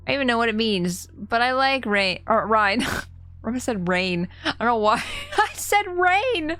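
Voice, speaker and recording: A woman's voice: on the high side, very animated, measured pace, a bit bright, no room sound, faint music behind. Giggly young woman streaming a game. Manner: giggly, chatty, easily startled. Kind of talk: casual live-stream commentary.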